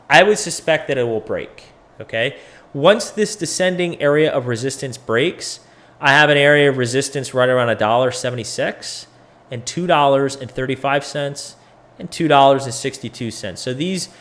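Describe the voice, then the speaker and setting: A tired-sounding man with a mid-range, fairly bright voice hosts a crypto education video. He walks through the charts loosely and profanely, thinking aloud as he goes.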